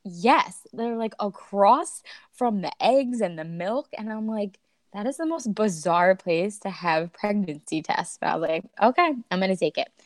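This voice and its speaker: A woman's voice: medium pitch, animated, unhurried, dry recording. A young woman, a podcast guest, telling a personal story in a chatty way, often quoting herself.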